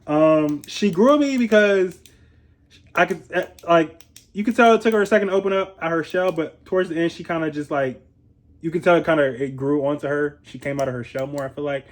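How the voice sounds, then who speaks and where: A man's voice: on the high side, brisk. Profane, chatty young man from Ohio. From Columbus, Ohio, USA. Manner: chatty, profane, laughs often, animated asides. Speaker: reality TV reviewer. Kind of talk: casual profane commentary.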